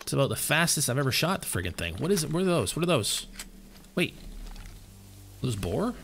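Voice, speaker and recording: A man's voice: fairly high pitch, very animated, fairly quick, fairly bright tone, slight background noise. A man streaming live gameplay, chatting casually and answering his viewers' questions while sounding tired. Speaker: game streamer.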